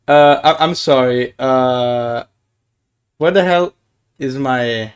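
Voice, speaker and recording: A man streaming live who chats casually with his viewers, playful and excitable, often stumbling over his words and repeating himself. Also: medium pitch, takes it slowly, pauses often, smooth. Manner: excitable, stammering, playful, greets chat.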